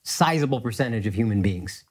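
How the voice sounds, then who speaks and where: A man's voice: lowish voice, animated, a little fast. Reflective man in casual podcast talk. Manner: reflective, agreeing interjections. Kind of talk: casual conversation.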